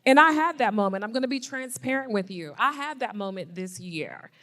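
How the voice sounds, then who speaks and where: A woman's voice: medium pitch, animated, fairly quick, fairly bright tone. A woman speaking frankly and directly as a panelist on stage. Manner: frank, direct, "real talk". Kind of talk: candid panel talk.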